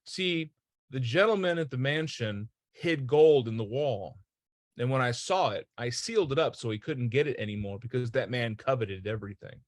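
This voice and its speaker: Speak as a man playing a patient old male angel in a told parable. Keep it calm and explanatory, at an ordinary mid pitch, and let the close, dry sound carry it. Don't push for anything otherworldly. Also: normal speed, no room sound, lightly acted.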